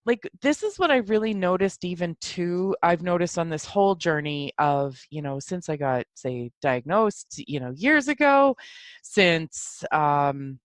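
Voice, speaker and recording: A woman's voice: on the low side, no room sound. Chatty woman hosting a self-help podcast. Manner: chatty, rambling with many fillers; warm encouraging self-help tone. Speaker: podcast host. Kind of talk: casual solo talk.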